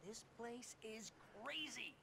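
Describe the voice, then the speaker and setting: An actor voicing an excitable man in a video game, sharing spooky local gossip with animated delivery. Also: very high voice, takes it slowly, gravelly, heavily acted. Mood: excited.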